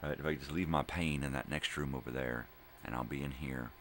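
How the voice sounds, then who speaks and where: An older man hosting a morning vlog, chatting in a slow, drifting, rambling way, drowsy from cold medicine. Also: extremely low pitch, fairly even intonation, a little hiss or hum. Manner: slow, drifting, full of fillers and wordplay. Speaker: vlog host.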